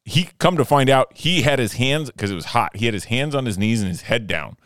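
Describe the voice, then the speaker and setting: A young man co-hosting a podcast, chatting casually and telling stories, animated and swearing freely, shouting when he acts out his anger. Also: medium pitch, brisk, no room sound, studio quality. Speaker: podcast co-host. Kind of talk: casual chat, storytelling.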